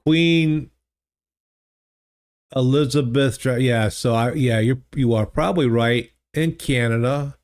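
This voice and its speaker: A man hosting a livestream, chatting casually and thinking aloud in a halting, easygoing way while playing a geography game. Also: mid-range voice, darkish tone. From United States. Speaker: livestream host. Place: home streaming studio. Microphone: studio desk microphone.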